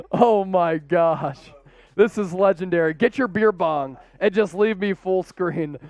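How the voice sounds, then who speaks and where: A man hosting a rowdy live-stream watch party, calling plays in an excitable, laughing, casual manner. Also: sits high, slow pace, no room sound, dull audio, faint music behind. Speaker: host.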